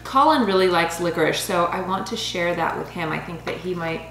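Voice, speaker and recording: A woman in her thirties chatting casually as she reviews wines, bubbly and quick to laugh, stumbling over foreign names. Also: fairly low pitch, fairly bright tone. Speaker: vlogger reviewing wine. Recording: roomy home recording with faint hum.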